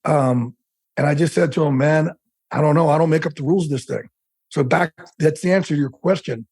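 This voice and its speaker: A man's voice: a little high, a little fast, darkish tone, husky, dry recording. A middle-aged man as an interview guest, telling a personal story bluntly and emotionally, swearing freely.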